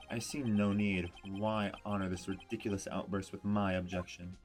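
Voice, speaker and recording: A man's voice: deep voice, level tone, normal speed, lightly acted. A man doing a haughty old prosecutor. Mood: scornful. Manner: haughty, scornful. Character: proud stern older male prosecutor. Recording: voice over loud background music.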